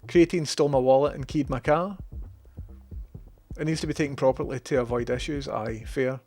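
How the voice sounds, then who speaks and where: A man's voice: mid-range voice, steady tone, normal speed, darkish tone. A Scottish man casually chatting on his livestream, reading out chat messages with a slight cold in his voice. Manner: chatty, swears casually, reads chat aloud. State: has a cold.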